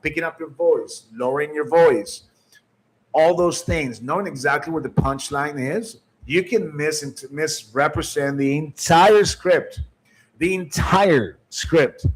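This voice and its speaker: A man's voice: a little high, husky, low-quality recording. A man giving a coaching lecture on delivering a sales script, emphatic, repeating phrases and checking in with "right?". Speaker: sales trainer.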